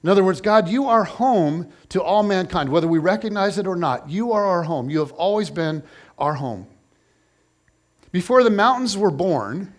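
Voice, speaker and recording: A man preaching a sermon in a relaxed, conversational way. His voice sits fairly high, and he keeps breaking into quick asides and restarting his sentences, so it sounds animated rather than formal. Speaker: pastor.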